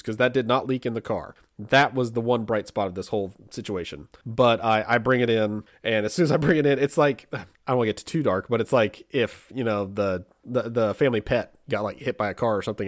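A man telling a family story in casual chat, animated and acting out what people said, with a lot of restarts. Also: medium pitch, dry recording, studio quality. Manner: animated, acts out quoted voices, frequent restarts.

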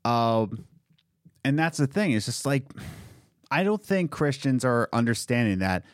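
A man's voice: mid-range voice, lively intonation, a little slow, no echo, clean studio sound. A man co-hosting a casual talk show, speaking in a heated, rambling way with many restarts. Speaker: podcast co-host. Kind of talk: casual opinionated chat.

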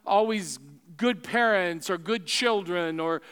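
A man preaching a sermon with emphatic delivery that swings between raised exclamations and hushed asides. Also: high voice, slow pace, clean tone.

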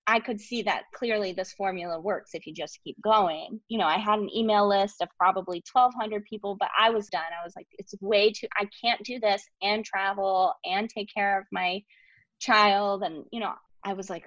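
A woman's voice: mid-range voice, fairly quick, no room sound. Woman in her 30s telling a story on a podcast, chatty, kinda dull dry sound. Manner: animated, many "like" fillers, laughs often. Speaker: podcast guest. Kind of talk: storytelling in casual interview.

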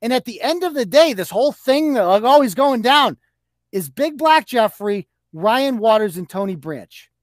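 A man's voice: very high voice, big pitch swings, moderate pace, no echo. A man hosting a podcast, ranting in a profane, combative and mocking way. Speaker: host. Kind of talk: heated podcast rant.

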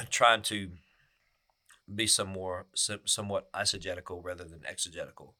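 Low-voiced man, earnest preacherly talk. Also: moderate pace, bright, forceful tone. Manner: earnest, preacherly, repeats words as he goes. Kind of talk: casual podcast chat.

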